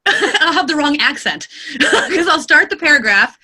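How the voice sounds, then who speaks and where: A woman with a bright, forceful voice sitting a touch higher than most, talking about her narration work. She speaks in an animated, expressive way, as an experienced voice actor would. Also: unhurried. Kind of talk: interview answers.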